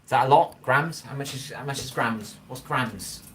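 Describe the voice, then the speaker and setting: A man's voice: medium pitch, moderate pace, a bit bright. Chatty man reading livestream comments. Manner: chatty, stumbles over viewer names, folksy advice. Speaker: livestream host. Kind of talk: casual livestream chat reading viewer comments.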